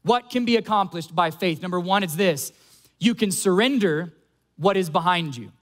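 High-voiced man preaching earnestly. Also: animated. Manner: earnest preaching with slowed emphatic phrases. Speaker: pastor. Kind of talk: sermon.

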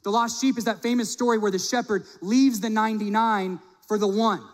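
A middle-aged male pastor telling a personal story in a sermon, animated, acting out the people he quotes. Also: high voice, brisk. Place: church sanctuary. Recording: long reverb of a large hall.

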